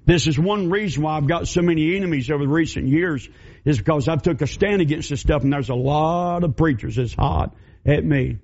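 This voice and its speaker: Pastor, high-pitched, folksy and fiery, dull lo-fi sermon recording. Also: male voice, brisk, darkish tone.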